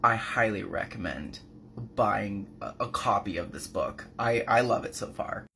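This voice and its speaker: A man's voice: lowish voice, animated, a little slow, gravelly, sharp tone, a little hiss or hum. A man casually recapping a book at home, chatty and full of fillers. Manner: chatty, filler-heavy, shifting volume. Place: apartment.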